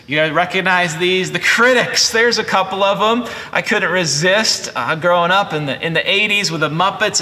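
A man's voice: sits high, bright, forceful tone. A man in his forties preaching a sermon as pastor, earnest and conversational with frequent restarts. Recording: long hall reverb.

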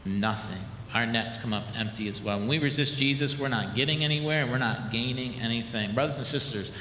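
A male pastor delivers a sermon with a bright, forward voice, growing animated and then sinking low and hushed to retell a scene. His words ring out through a large church with long reverb, with faint room ambience behind. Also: a little fast, slight background noise. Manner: animated preaching, dropping low and soft for dramatic quotes. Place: church sanctuary. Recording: echoey hall with long reverb.

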